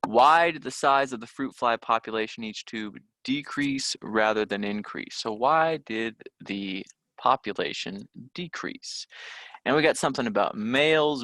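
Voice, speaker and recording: Bright-voiced man teaching test prep. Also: mid-range voice, dry recording. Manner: conversational, with frequent fillers and restarts. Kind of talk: recorded test-prep lesson.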